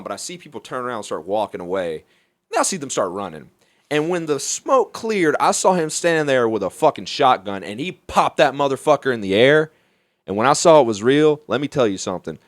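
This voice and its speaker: A young man from Alabama, a comedian guest telling a story in a profane, animated way, laughing as he goes. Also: medium pitch, moderate pace, no echo. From Mobile, Alabama, US. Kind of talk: casual storytelling.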